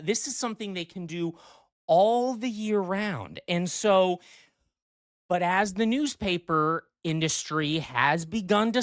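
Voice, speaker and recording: A man hosts a comedy podcast, talking slowly with a lively, swooping pitch. He keeps breaking off to riff on his own script, and the sound is close and dry, with no room around it. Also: no echo. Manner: digressive, self-interrupting, riffing off a script. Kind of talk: rambling comedic monologue. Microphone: desk mic.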